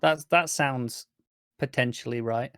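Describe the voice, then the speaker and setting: Co-host, male, relaxed and agreeable, mid pitch, dry close mic. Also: unhurried, clear, resonant tone, dry recording. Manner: easygoing, agreeable, trails off softly. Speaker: podcast co-host. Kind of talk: casual review chat.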